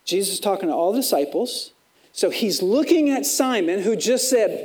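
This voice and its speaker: Lively preaching man. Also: high voice, moderate pace. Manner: animated preaching, acting out quoted speakers; repeats words when building a point. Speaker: pastor. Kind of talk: sermon.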